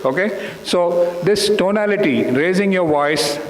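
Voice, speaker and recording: A man's voice: high-pitched, unhurried. A man giving an interactive talk to students, asking them questions again and again. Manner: asks the audience questions again and again. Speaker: guest speaker at a school talk. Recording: echoey hall with faint hum.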